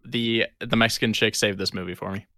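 A man in casual conversation about a movie, animated and quick to laugh, acting out lines he quotes. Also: lowish voice, dry recording, clean studio sound.

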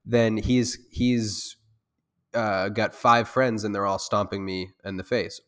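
A man who teaches self-defense, talking in a loose, rambling way with many restarts and fillers, and growing loud and heated when he makes a point. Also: on the low side, steady tone, slow pace, clean tone. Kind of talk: conversational interview.

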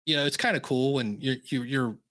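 A man's voice: mid-range voice, fairly quick, a bit bright, dry recording. A middle-aged man, a podcaster being interviewed, telling stories in a rambling, self-deprecating way with many restarts. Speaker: podcaster guest. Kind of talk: casual interview storytelling.

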